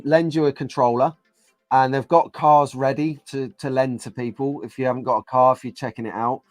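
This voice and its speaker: A man's voice: fairly high pitch, no room sound. A man hosting a casual live stream, reading out viewer comments and joking along with the chat. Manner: chatty, jokey, reads out viewer comments.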